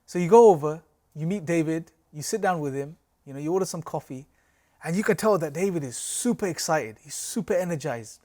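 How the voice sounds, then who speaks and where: Higher-voiced man teaching a lecture. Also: expressive, a little fast, dark tone. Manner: explains with rhetorical questions and a storytelling analogy. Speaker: course teacher. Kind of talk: recorded religious lecture.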